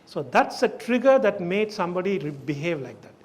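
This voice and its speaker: High-voiced man giving a lively talk. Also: fairly quick. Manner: emphatic, asks the audience questions. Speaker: speaker leading an awareness session. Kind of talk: live lecture to an audience.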